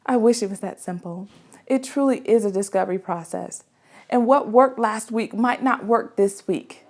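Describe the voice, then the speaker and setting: A woman's voice: medium pitch, moderate pace, a little mellow. A woman, a mother, giving parenting advice in an earnest, conversational way, often checking in with the listener. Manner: earnest and conversational, with frequent "right?" asides. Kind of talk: casual advice talk.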